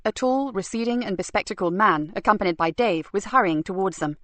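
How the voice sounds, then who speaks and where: A woman narrating a crime novel audiobook in a steady, even storytelling manner. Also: mid-range voice, fairly quick, few pauses, dry recording. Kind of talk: scripted narration.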